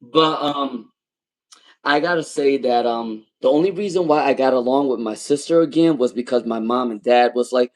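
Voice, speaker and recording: A man in his thirties telling a personal story in casual monologue, emphatic and animated, often repeating his points. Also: mid-range voice, normal speed. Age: 30s. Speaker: tarot channel host.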